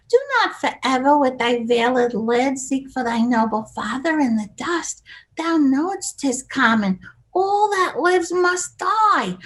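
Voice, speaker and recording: A woman's voice: high-pitched, fairly bright tone. A woman voicing Queen Gertrude as a nasal housewife, reciting Shakespeare in a Brooklyn accent.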